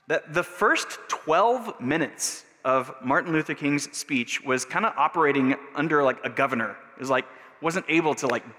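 A pastor preaching a sermon in a relaxed, conversational way, with frequent fillers. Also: male voice, mid-range voice. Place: church sanctuary. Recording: long reverb of a church hall.

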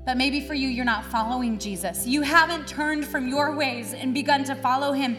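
High-voiced woman preaching in a hall. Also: normal speed. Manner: heartfelt, tearful at times, laughs often. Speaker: pastor. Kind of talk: sermon. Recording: long hall reverb with soft music.

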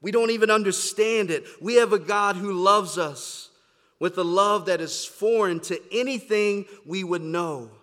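A man with a fairly high voice preaches to a congregation. He moves between soft, reflective passages and loud, emphatic declarations. His words ring out with a long reverb through a large hall. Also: unhurried. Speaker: pastor. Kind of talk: sermon. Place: church sanctuary, standing before a congregation.

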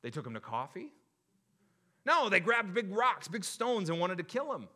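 A young man preaching a sermon in an animated, joking way, acting out the crowd's reactions. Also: high-pitched, normal speed. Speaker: pastor.

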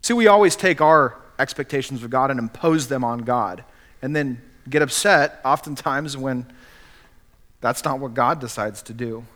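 A man's voice: mid-range voice, normal speed, fairly bright tone. A man preaching a sermon as pastor, earnestly acting out the quotes he cites.

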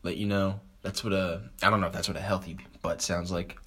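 A man's voice: low-pitched, level tone, brisk, bright, forceful tone. A young man, a stand-up comic hosting a podcast, rambling in a laid-back, crude, joking way. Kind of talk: casual rambling comedy chat.

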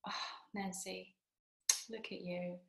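A woman voicing her gentle, encouraging inner CEO, speaking softly and reassuringly. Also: on the low side, flat delivery, slow, gravelly. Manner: soft, soothing, reassuring. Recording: echoey room.

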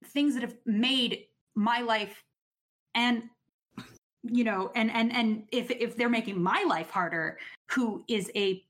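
A woman co-hosting a casual podcast, with a voice a little higher than most women's. She talks earnestly and thoughtfully, often stopping to restart a phrase. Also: a bit bright. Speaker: podcast co-host.

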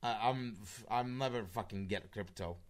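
A man's voice: fairly low pitch, normal speed. A man in casual online group chat, rambling with restarts and swearing, with a slightly slurred voice.

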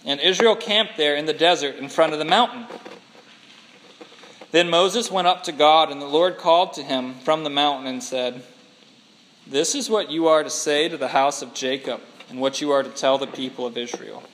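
High-voiced guy teaching bible class, lively, laughs a lot, echoey hall. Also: moderate pace. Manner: animated, laughs often, acts out quotes. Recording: long hall reverb.

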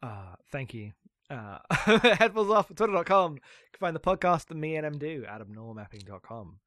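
Animated man co-hosting a podcast. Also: medium pitch, fairly quick, no room sound, studio quality. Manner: animated, self-deprecating, swears. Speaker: podcast co-host. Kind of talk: casual podcast chat.

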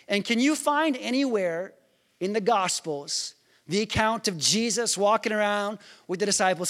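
A high, slightly bright male voice belongs to a pastor giving a sermon. He keeps it conversational, asking the audience questions and performing scripture scenes.

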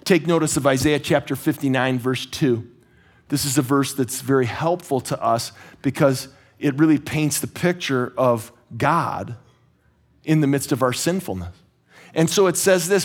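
A male pastor preaching with a somewhat high voice, emphatic and earnest. He swings between urgent raised bursts and low, slowed-down stresses, and sometimes stumbles on repeated words. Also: expressive, breathy edge. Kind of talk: sermon.

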